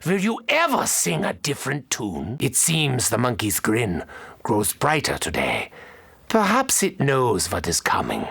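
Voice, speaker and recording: An actor playing an unhinged, theatrical male mad scientist doctor in video game voice lines, with a manic, sardonic delivery and a gravelly, husky voice. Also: a bit bright, full character voice. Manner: manic, sardonic, wild pitch swings.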